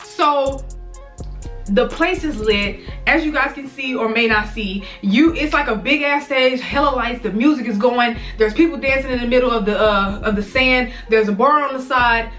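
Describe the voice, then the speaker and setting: A woman's voice: on the high side, moderate pace, a bit bright, soft background music. A young woman in her twenties, a vlogger telling a casual, profane storytime full of fillers.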